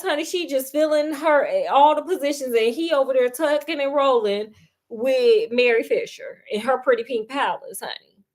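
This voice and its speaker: A woman with a slightly high voice tells a story in a casual, sassy chat. She calls her listeners girl, honey and child, and her telling breaks into laughter often.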